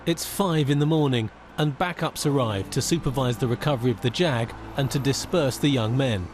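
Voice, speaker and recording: Wry documentary narrator. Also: male voice, medium pitch, moderate pace, noisy background. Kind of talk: scripted documentary voice-over. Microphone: studio mic.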